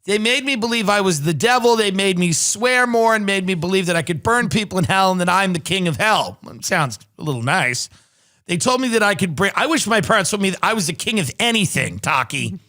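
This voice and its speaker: High, bright-voiced sardonic male host. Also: animated. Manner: rambling, sardonic, with halting restarts. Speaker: podcast host. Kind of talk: casual comedic commentary.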